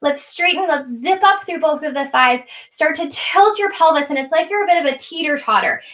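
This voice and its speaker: A young adult woman with a high, fairly bright voice speaks fairly quickly as she leads a live yoga class. She cues breaths and poses playfully, sounding slightly out of breath as she moves.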